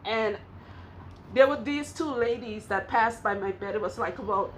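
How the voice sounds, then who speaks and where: A woman with a Trinidadian accent speaks candidly to camera, working through an emotional personal testimony. She rambles and restarts her sentences, at a middle pitch, with faint noise behind her. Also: normal speed, a bit bright. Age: 20s at surgery, now older. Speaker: hairstylist and vlogger.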